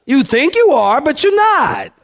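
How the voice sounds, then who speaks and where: A middle-aged man, a pastor, telling a story in a sermon, animated and acting out the dialogue. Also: very high-pitched, unhurried, no room sound, studio quality. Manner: animated, acts out dialogue in a raised voice.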